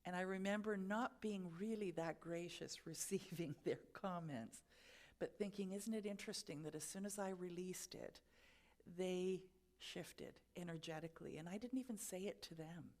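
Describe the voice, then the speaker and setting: She's a spiritual speaker giving a sermon at a spiritual centre, her voice on the low side and her pace moderate. Reflective and gently guiding, she tells a personal story and laughs at herself from time to time.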